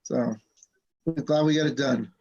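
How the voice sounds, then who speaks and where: A man's voice: medium pitch, steady tone, a little slow, darkish tone. Chatty man with a slightly muffled voice. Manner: chatty, laughing between stories. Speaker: host. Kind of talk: casual chat on a live stream. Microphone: video call.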